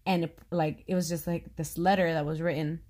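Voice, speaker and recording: A talkative woman in her thirties with a slightly low voice, chatting casually on a podcast. She laughs often and keeps up a steady flow of talk as co-host. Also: a little fast. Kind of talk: casual conversation.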